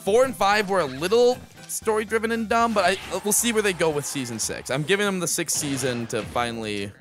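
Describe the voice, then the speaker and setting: A young man casually chatting while playing a fighting game, excitable and swearing, with laughter. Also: sits high, fairly quick. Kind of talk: casual gaming chat. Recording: gameplay music behind.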